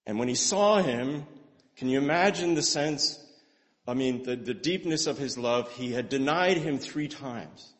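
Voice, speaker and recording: A male preacher delivers a sermon in an animated, searching way, often tossing back "right?" and repeating phrases for weight. His voice sits at an ordinary male pitch, and it rings out in a big church hall with a long reverb. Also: measured pace. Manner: animated, with rhetorical questions and repetitions.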